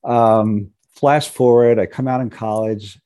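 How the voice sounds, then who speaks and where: A man from New York tells personal stories as an interview guest, in a relaxed and humorous way. He slips into the voices of the people he quotes. His voice sits a bit low and has a mellow, warm tone. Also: unhurried. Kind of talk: casual storytelling.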